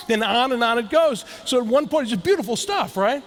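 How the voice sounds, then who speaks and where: High-voiced man giving a keynote speech. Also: fairly quick, few pauses. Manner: animated, playful, leads the crowd through exercises. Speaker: keynote speaker. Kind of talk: storytelling keynote speech to a live audience. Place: stage before a live audience.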